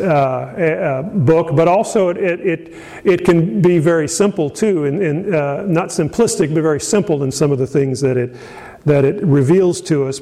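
A man's voice: on the high side, gravelly, dark tone, in a large hall. A middle-aged man from Indiana preaching a sermon, telling a folksy story with frequent fillers and restarts. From Indiana, USA. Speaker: pastor.

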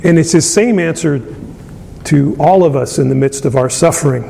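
A man preaching a conversational sermon, chuckling often and filling pauses with ums and uhs. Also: creaky, warm tone. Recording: long hall reverb, faint rumble.

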